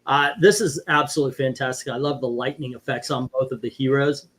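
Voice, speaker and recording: A man's voice: mid-range voice, fairly even intonation, fast talker, a bit bright, slightly rough. A middle-aged man hosting a casual podcast over a video call, joking and rambling as he talks. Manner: joking, rambling, self-interrupting. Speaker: host.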